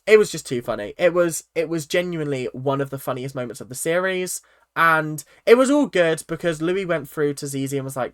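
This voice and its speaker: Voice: mid-range voice, fairly quick, no room sound, studio quality. Chatty reality TV vlogger. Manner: animated, acts out quoted lines in mock voices; chatty with frequent fillers and restarts. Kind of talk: casual opinionated commentary.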